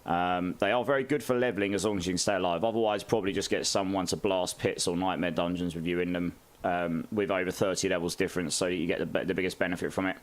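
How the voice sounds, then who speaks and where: Casual male streamer, lower voice, friendly chat and frequent laughs. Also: fairly even intonation, quick pace, few pauses. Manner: chatty, greets chat, laughs often. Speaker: game streamer.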